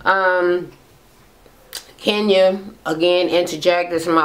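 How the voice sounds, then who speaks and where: A woman's voice: on the low side, slow, fairly bright tone, slight background noise. A woman vlogger giving a casual, gossipy recap rant, blunt and full of profanity. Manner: blunt, profane, gossipy retelling with acted-out quotes.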